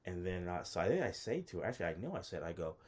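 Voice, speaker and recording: A man's voice: low-pitched, big pitch swings, very fast. A man telling a casual personal story in a rambling, self-interrupting way, full of fillers and restarts. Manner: nervous, self-conscious.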